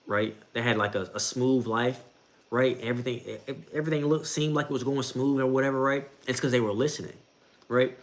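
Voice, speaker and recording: A young man with a mid-range voice and fairly even intonation talks a little fast in a relaxed faith chat on his Bible-reading stream. Conversational and repetitive, he calls the listener bro often and laughs at his own jokes.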